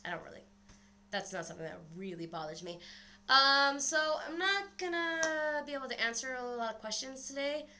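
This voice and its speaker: Young woman, bright voice, a bit high, out of breath, rambling and cursing, webcam mic. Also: moderate pace, slight background noise. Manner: rambling, animated, swears a lot. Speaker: vlogger. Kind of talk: casual webcam vlog. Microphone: built-in webcam mic.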